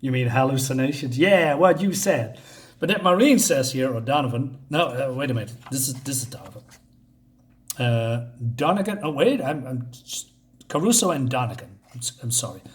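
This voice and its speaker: A man's voice: mid-range voice, sing-song, brisk. A man casually reviewing a comic book, searching for words with many fillers and restarts.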